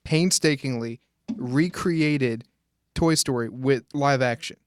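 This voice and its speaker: A man on a casual talk show who describes an internet story in a relaxed way. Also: medium pitch, takes it slowly. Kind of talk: casual chat.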